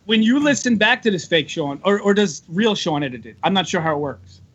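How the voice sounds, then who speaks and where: A crude, animated young man guesting on a podcast, telling stories and laughing. His voice is high and husky and swings widely. The audio is dull and lo-fi. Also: a little fast. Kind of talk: casual chat.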